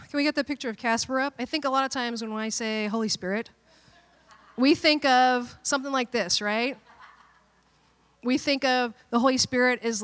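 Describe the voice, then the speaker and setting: Woman preacher with a fairly high voice, playful and lively, acting out quotes. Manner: animated, playful, acts out quotes. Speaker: pastor. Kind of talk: sermon.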